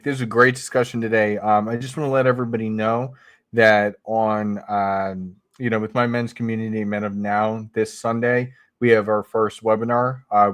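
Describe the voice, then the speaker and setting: A man's voice: fairly low pitch, fairly bright tone, no room sound. A man co-hosting a talk show, plugging his community in an upbeat way with frequent fillers. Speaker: co-host, men's community leader. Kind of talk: casual promo plug.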